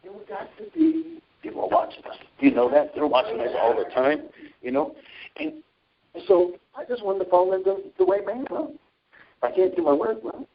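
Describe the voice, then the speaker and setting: A man's voice: high voice, vocal fry, muffled recording, a little hiss or hum. A man preaching informally on a Christian talk show, telling stories from his own life and reading scripture. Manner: animated storytelling with scripture readings.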